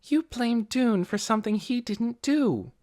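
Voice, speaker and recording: A man's voice: extremely high pitch, animated, unhurried, a little mellow, voice pushed up. A man voicing an earnest, determined young girl who presses hard with her questions. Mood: reproachful.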